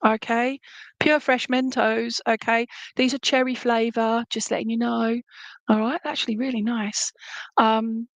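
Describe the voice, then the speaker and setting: A woman giving live psychic readings to viewers, chatty and animated, humming tunes and relaying messages as she goes. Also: on the high side, a little slow, no echo.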